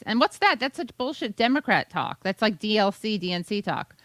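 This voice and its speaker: A woman's voice: mid-range voice, sing-song, fairly bright tone, no echo. Woman host, casual, sardonic, mid-range voice, dry close sound. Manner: sardonic, swearing, quick asides. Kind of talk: casual chat.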